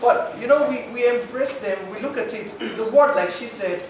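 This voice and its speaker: A man's voice: extremely high pitch, normal speed. Guy giving a heated comment at a forum, far from the mic, big echoey hall, noisy. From Nigeria. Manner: emotional, pleading. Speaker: forum participant. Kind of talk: impassioned public comment. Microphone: handheld mic.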